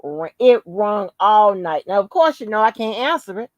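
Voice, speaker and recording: A woman with a mid-range voice hosts a podcast, chatting casually at normal speed while telling a story full of cursing and emphasis. The audio is poor and lacks room sound. She tells it in an animated, emphatic, profane way.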